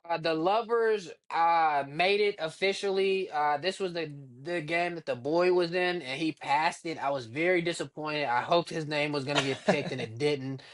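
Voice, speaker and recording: A man co-hosting a casual reaction podcast, talking in a relaxed, slangy way and saying "bro" a lot. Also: a little high, normal speed, hardly any pauses. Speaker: podcast co-host.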